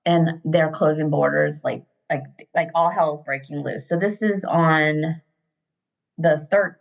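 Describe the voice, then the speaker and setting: A woman's voice: sits low, steady tone, a little slow, vocal fry, highs cut off. A middle-aged woman chatting as a podcast guest, telling stories animatedly with many fillers and acting out the people she quotes. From United States. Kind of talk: casual storytelling chat.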